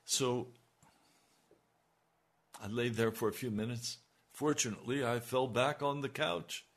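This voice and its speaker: A man's voice: mid-range voice, a little slow. A man preaching a sermon as pastor, with emphatic delivery that swells on key lines.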